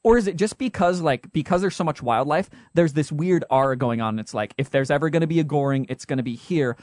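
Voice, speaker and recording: A young man with a Utah accent, co-hosting a podcast in a casual, joking way with quick asides. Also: on the high side, darkish tone, no echo, clean studio sound. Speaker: podcast co-host.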